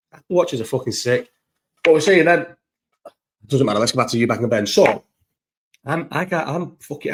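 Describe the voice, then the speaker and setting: A young man chatting at home in a laid-back vlog, with a mid-range voice. He rambles, swears casually and keeps restarting his thoughts as he goes. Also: medium pitch. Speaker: vlogger. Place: at home, indoors. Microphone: own recording setup, maybe not through the microphone.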